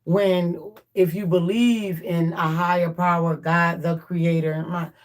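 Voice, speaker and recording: A woman's voice: lowish voice, fairly even intonation, a little slow. A woman hosting a livestream, musing in a casual, reflective way and repeating her points. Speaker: livestream host.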